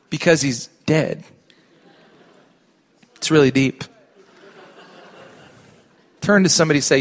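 A man's voice: fairly high pitch, slow, long pauses. A middle-aged male pastor preaching a sermon in church, emphatic and calling on the congregation to respond.

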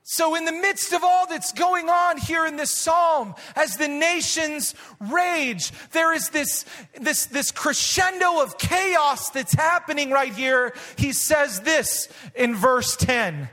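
A man pastor preaching a sermon, reading scripture slowly and with weight, rising to impassioned shouts and dropping back to a softer tone. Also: very high voice. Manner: impassioned preaching, swells to shouts then drops soft; drawn-out emphatic reading of scripture. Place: church sanctuary. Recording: long reverb of a large hall.

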